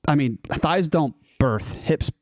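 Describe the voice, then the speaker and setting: Nervous man with a lively voice. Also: a little high, slow pace, dry recording. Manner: nervous, self-mocking. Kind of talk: casual podcast chat.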